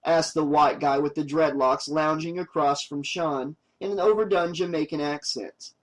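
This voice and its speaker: A man's voice: a little high, fairly even intonation, moderate pace, rough recording. Man narrating a slasher audiobook.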